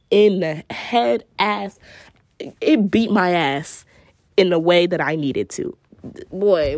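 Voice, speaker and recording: A woman's voice: lowish voice, a little mellow, no echo. A woman hosting a casual solo podcast, speaking candidly and reflectively and cursing freely in a slang-heavy drawl. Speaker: podcast host.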